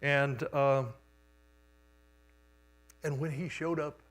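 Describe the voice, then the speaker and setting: An older man preaching a sermon in a church, telling a childhood story in an unhurried, homespun way. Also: on the high side, little pitch movement, a bit bright. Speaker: guest preacher. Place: church sanctuary.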